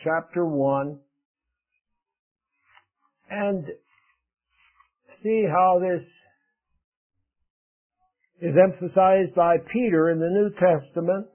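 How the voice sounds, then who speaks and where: Man preaching slow and earnest, kinda high voice, sounds like an old thin radio broadcast. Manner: earnest, swings between emphatic rises and quiet drops. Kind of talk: radio sermon. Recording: narrow phone-like radio broadcast.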